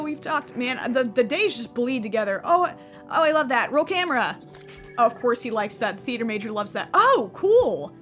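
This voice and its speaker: A woman giving sarcastic, excitable gaming commentary as she plays, swearing casually. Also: on the high side, normal speed, faint music behind. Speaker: gaming streamer.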